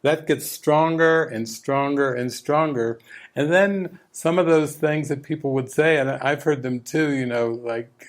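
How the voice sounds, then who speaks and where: A man leading a retreat session over a video call, answering a question in a gentle, unhurried teaching manner and repeating words as he gathers his thoughts. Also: fairly high pitch. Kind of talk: calm spiritual teaching.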